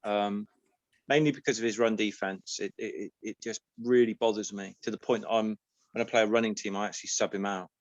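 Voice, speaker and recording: A man's voice: fairly low pitch, fairly even intonation, fairly quick, no room sound. Rambling man, a bit muffled. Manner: rambling and self-mocking. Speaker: league member on a call. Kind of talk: casual chat.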